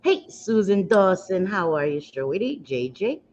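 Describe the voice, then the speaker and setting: A woman's voice: mid-range voice, sing-song, unhurried, darkish tone, a little hiss or hum. A woman hosting a casual makeup livestream, chatting at length and greeting viewers with pet names in a rambling, self-mocking way. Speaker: beauty livestream host. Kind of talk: casual livestream chat while doing makeup. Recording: slightly dull lo-fi livestream audio.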